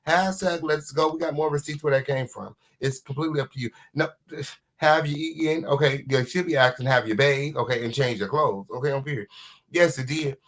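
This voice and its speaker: A man hosting a casual live commentary stream at home, sassy and full of repeated drawn-out catchphrases. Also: mid-range voice, fairly bright tone. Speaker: livestream host.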